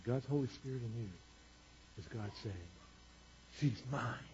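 A man preaching a sermon, moving from quiet earnest talk to booming exclamations. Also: normal speed, muffled recording, a little hiss or hum. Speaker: pastor.

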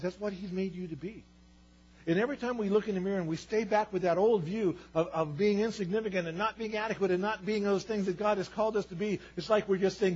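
A man's voice: high voice, fast, darkish tone, breathy edge. A man preaching a sermon as pastor, earnest and building to emphatic repeated declarations. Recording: dull, lo-fi sermon recording.

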